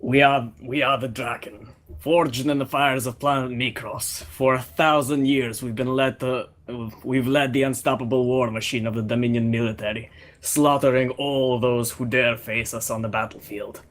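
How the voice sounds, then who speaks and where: A man's voice: mid-range voice, fairly even intonation, moderate pace, a bit bright, lightly acted. A man voicing a savage, proud male Draken hunter warrior with a Russian accent, boastful and menacing, over voice chat. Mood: haughty. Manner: boastful, menacing, growled threats. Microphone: voice chat headset.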